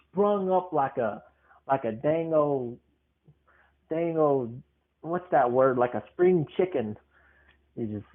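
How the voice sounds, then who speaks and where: A man hosting a podcast, telling a funny family story in a rambling way, with lots of fillers and restarts. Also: on the high side. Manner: meandering, full of fillers and restarts. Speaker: podcast host. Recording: tinny phone-like sound.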